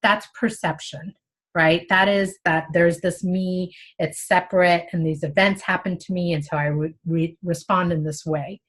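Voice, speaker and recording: A woman with a fairly low voice, speaking at a moderate pace, teaches spiritual study. She explains a spiritual text casually and conversationally, animatedly acting out inner monologues along the way.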